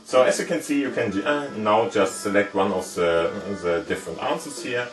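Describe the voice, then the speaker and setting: A man's voice: on the low side, moderate pace. Man explaining a game over music. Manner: loose, explanatory, lots of hedging fillers. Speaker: gaming channel host. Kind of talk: let's play commentary. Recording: roomy, distant mic with game music.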